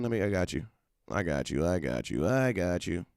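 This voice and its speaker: Excitable man streaming football talk. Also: low voice, fairly quick, vocal fry, no echo, clean studio sound. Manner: animated, excitable, lots of slang and repeated phrases. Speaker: live-stream sports talk host. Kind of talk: casual live-stream commentary.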